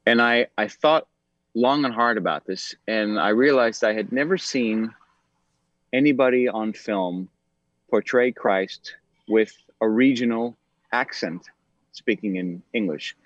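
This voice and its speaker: On a podcast, a man in his forties who acts talks casually with the interviewer, pausing thoughtfully, saying um a lot and restarting sentences. His voice is on the low side and a little slow; the audio has no echo and sounds dull and somewhat lo-fi.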